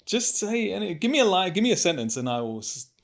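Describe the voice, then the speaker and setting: A man's voice: high voice, very animated, fast, creaky. Playful man, casual podcast chat. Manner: playful, joking, trying out regional accents. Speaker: podcast co-host.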